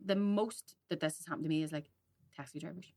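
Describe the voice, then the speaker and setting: A woman's voice: deep voice, quick pace, darkish tone. A woman co-hosting a podcast, chatting casually and frankly, swearing freely. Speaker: podcast co-host. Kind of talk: casual chat.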